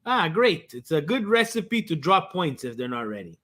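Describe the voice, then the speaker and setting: Bright, excitable man on a football podcast. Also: a little high, normal speed. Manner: excitable, shouts and cheers. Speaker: podcast co-host. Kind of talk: casual sports talk.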